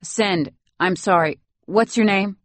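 A woman's voice: medium pitch, takes it slowly, no echo, pitched above the performer's own voice, natural voice. A woman voicing an imperious old Boston grandmother. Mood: haughty. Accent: Boston Brahmin. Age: over 60. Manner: imperious, acid, sarcastic. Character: haughty elderly upper-class grandmother. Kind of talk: audiobook character voice.

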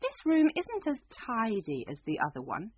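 A woman voicing a curious, polite young girl in a storybook, speaking softly and hushed. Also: fairly high pitch, huge pitch swings, moderate pace, slightly rough, voice pushed up, exaggerated voice. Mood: wondering. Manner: soft, hushed wondering. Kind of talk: storybook reading. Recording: dull lo-fi recording.

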